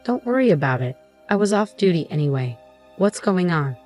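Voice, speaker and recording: A woman reading the lines of a male police officer friend in a measured, reassuring way, close to her own voice. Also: fairly low pitch, sing-song, a little mellow, faint music behind.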